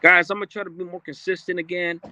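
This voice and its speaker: A man's voice: high voice, level tone, fast talker, bright, forceful tone, no room sound. A man hosting a livestream, reading viewer comments aloud in a blunt, streetwise, casual way with frequent profanity. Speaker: livestream host.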